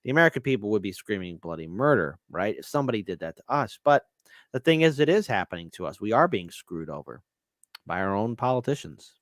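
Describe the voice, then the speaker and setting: A man's voice: on the low side, very animated, fast talker, no echo, studio quality. A man appearing as a guest on a political talk show, making earnest, building arguments. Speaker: guest commentator. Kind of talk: political discussion.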